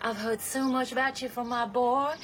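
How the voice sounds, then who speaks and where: A woman's voice: a little high, steady tone, moderate pace, noisy background, natural voice. A woman playing a fluttery Southern belle mother. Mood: gushing. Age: middle-aged. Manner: gushing, genteel, rambling chatter. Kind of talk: stage drama acting.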